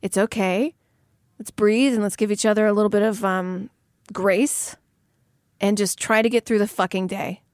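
A woman's voice: mid-range voice, steady tone, normal speed, dry recording, studio quality. A woman co-hosting a podcast, chatting casually in a reflective, candid way with the odd swear word. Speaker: podcast co-host. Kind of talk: casual chat.

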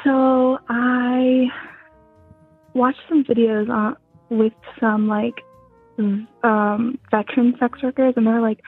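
A young woman with a soft, breathy voice, chatting casually as a guest and rambling with many fillers. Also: on the high side, steady tone, takes it slowly, soft background music. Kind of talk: casual interview chat. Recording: tinny phone-like sound.

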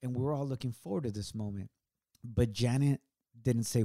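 Man, podcast co-host, mellow earnest storyteller, reflective. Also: brisk. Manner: earnest, reflective, swings from low and quiet to raised. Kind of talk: personal storytelling on a couple's podcast.

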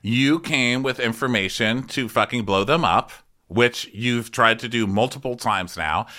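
A man's voice: mid-range voice, a little slow, sharp tone. A man co-hosting a comedy podcast, casually recapping a reality show, swearing and acting out quotes in mocking voices. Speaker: podcast co-host.

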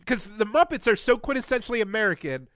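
Male podcast co-host, high voice, dry close mic, wry and excitable. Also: fast, no room sound. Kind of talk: casual podcast chat.

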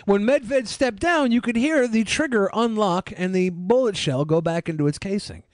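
A man's voice: high-pitched, moderate pace, no room sound, clean studio sound. A man hosting a podcast, making crude, sarcastic jokes in casual commentary. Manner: crude, joking, sarcastic asides. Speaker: podcast host.

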